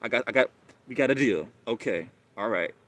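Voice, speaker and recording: A man's voice: medium pitch, animated, brisk, fairly bright tone, slight background noise. A man hosting a live stream, talking casually and rambling, often repeating himself and calling listeners bro.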